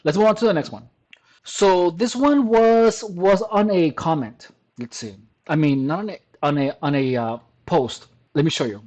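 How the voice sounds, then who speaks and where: A man's voice: a little high, normal speed, a little mellow, poor audio. A man doing casual, crude commentary on online comments, scoffing, laughing often and restarting his sentences, talking at home. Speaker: commentary vlogger reacting to comments.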